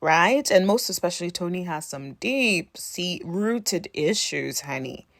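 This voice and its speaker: Young woman vlogger, low-ish voice, slightly worn, sassy and chatty recap delivery, dry close sound. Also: lively intonation, unhurried, a bit bright, no echo. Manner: sassy, chatty, dramatic reactions, addresses viewers as honey. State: voice a bit worn. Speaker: reality show recap vlogger. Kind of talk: casual commentary recap.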